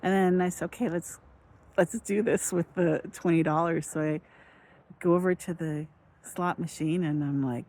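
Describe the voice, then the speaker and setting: A woman with a fairly low voice vlogs casually, telling a story in animated, excited bursts before slowing down into reflective, spiritual musing.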